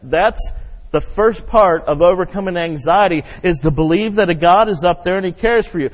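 A man preaching a sermon as pastor, emphatic, swinging between loud stress and hushed asides. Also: fairly high pitch. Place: church sanctuary. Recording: dull audio with long hall reverb.

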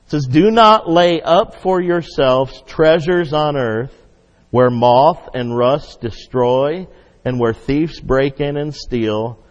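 A man preaching a sermon as pastor, emphatic, swinging between loud stress and hushed asides. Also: mid-range voice. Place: church sanctuary. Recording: dull audio with long hall reverb.

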